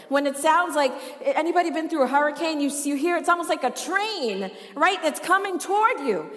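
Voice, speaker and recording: Woman, preacher, sermon, chatty, questions the congregation, high voice. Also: fairly bright tone, big-room sound. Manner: chatty, asks the congregation questions, laughs often. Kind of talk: sermon with Bible reading.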